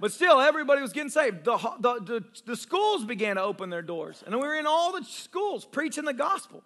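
A male pastor telling testimony stories in a sermon, excitable and animated, tumbling over his own words as he goes. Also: very high-pitched. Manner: excitable, animated storyteller with fast restarts. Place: church service.

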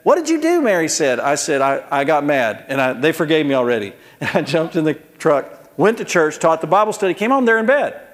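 A man preaching as a pastor, telling folksy family stories in an animated way. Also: a little high, long reverb tail. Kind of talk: sermon with storytelling.

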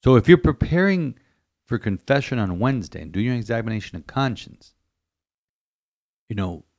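A man's voice: medium pitch, very animated, moderate pace, a little mellow. A man who is a priest, reflecting on scripture in an emphatic, repetitive way, often restarting his sentences. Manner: emphatic, repeats phrases, stumbles and restarts. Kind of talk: podcast homily-style reflection.

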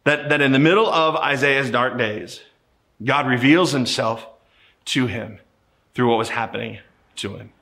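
A middle-aged pastor from Ohio preaches a sermon, telling a personal story conversationally and often repeating words as he begins sentences. His medium-pitched voice is gravelly, bright, and forceful, and he is unhurried.

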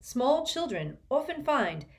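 A woman voicing a gentle, reasonable middle-aged father wizard in a storybook reading. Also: high voice, sing-song, slow pace, voice pushed up, full character voice. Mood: reassuring.

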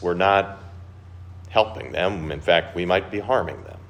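A man preaching a sermon in a conversational way, with rhetorical questions, rising high for quoted voices and dropping low and soft for serious points. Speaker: pastor.

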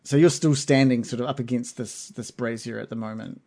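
Male game master, casual, unhurried narration, mid-pitched. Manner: relaxed, chatty, hesitant fillers.

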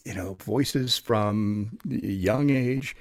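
Audiobook narrator guy just chatting, kinda low voice, lots of ums, dry close sound. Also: extremely slow, dry recording. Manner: relaxed and chatty, with many fillers. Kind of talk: casual interview talk.

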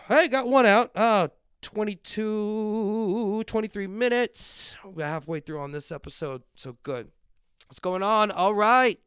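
Swearing ranting man, smooth dry voice. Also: high voice, unhurried, fairly bright tone, dry recording. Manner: swears constantly, ranting and riled up; drinks on air and reads viewer comments. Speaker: podcast host. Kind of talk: profane livestream rant. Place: at home.

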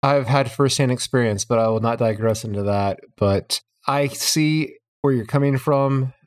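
A man co-hosting a relaxed podcast chat. He has a dry, wry humor and keeps breaking into laughs between his remarks. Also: mid-range voice, moderate pace. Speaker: podcast co-host. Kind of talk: casual chat.

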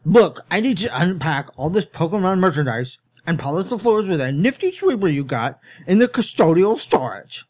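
A man's voice: high-pitched, sing-song, normal speed, a little mellow. A man voicing a scheming, bossy, balding store owner while reading a story aloud. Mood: sly. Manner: sly, bossy.

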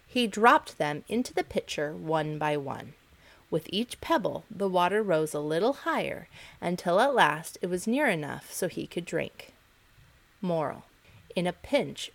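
A woman hosting a podcast, reading fables to children in a gentle, expressive storytelling voice. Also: fairly low pitch. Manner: expressive, gentle, varied intonation. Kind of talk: storytelling narration for kids.

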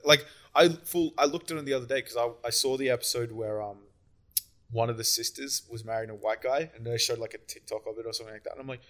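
A young man from Australia trading jokes on a podcast. His voice is mid-pitched and casual, and he swears and laughs often. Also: quick pace, a bit bright. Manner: joking, laughs a lot, swears. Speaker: podcast co-host. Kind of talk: casual chat.

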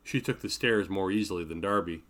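A man reading his own novel aloud in a measured, steady narration. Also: deep voice. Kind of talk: audiobook narration.

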